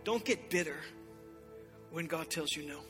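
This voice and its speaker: Pastor guy preaching hard, high bright voice, soft music under it. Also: unhurried. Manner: impassioned preaching, acting out God's voice in quotes. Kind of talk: sermon. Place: church with a live congregation.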